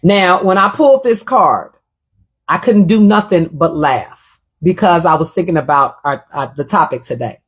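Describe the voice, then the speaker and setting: A woman's voice: lowish voice, lively intonation, normal speed, breathy edge. A middle-aged woman hosting her own show, telling a personal story in a reflective, emotional way and repeating her phrases. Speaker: show host.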